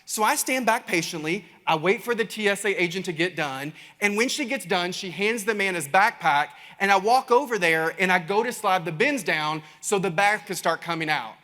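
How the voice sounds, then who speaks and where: A man with a Kentucky Southern accent giving an animated keynote talk, telling stories to a crowd and calling them y'all. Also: sits high, normal speed, few pauses. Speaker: keynote speaker. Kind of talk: energetic keynote storytelling. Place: large conference stage. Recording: reverberant conference hall.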